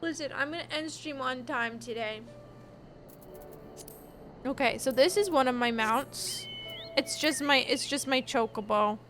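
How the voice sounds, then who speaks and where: Young woman game streamer, high voice, tired and chatty, giggles a lot. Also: unhurried, long pauses, fairly bright tone, soft background music. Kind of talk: casual live-stream chat.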